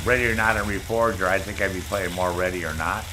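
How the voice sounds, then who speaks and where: A man's voice: low-pitched, steady tone, fast talker, noisy background. An older man hosting a live stream, telling rambling stories in a casual, heavily profane way. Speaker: streamer host.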